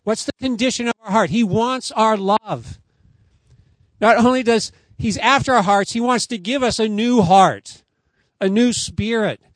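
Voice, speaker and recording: Guy preaching a sermon outside, pretty high voice, earnest and emphatic, dry close sound. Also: a little slow, no room sound. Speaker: pastor. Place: outdoors.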